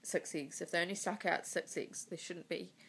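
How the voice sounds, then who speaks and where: A woman in her thirties recording a personal video diary on her phone. She is crying, and she talks in a halting, emotional way, with sighs between her words. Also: on the low side, gravelly, a bit bright, a little hiss or hum. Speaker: vlogger. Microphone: phone mic.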